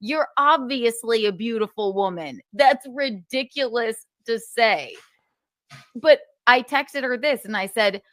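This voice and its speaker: A woman's voice: on the high side, a little slow, a bit bright, dry recording, studio quality. A woman streamer who swears a lot, defending herself in an exasperated, casual monologue.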